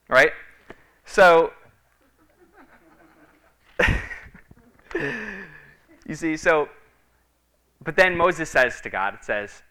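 A man's voice: on the high side, animated, very slow, pauses often, bright, forceful tone, clean tone. A man preaching a sermon in a conversational, storytelling way, with frequent fillers, acting out the voices of the people in his stories.

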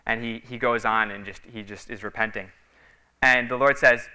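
Bright, clear-voiced man preaching. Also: medium pitch, fairly even intonation, normal speed. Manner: conversational storytelling, many fillers. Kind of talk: sermon.

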